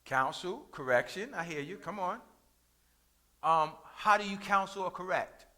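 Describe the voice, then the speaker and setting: A man preaching a sermon in call-and-response style, repeating lines for emphasis and rising to shouts at key points. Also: high voice, expressive, a little slow.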